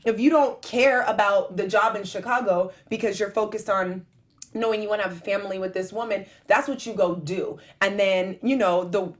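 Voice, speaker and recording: A woman co-hosting a relaxed talk show. She talks earnestly and emphatically, urging listeners to take inspiration to heart. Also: mid-range voice, moderate pace. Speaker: host. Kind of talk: casual chat.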